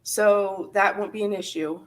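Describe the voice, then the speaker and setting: A woman's voice: medium pitch, fairly even intonation, measured pace. A woman hosting a casual live-stream chat, chatty and laughing often, with many fillers. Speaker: channel host.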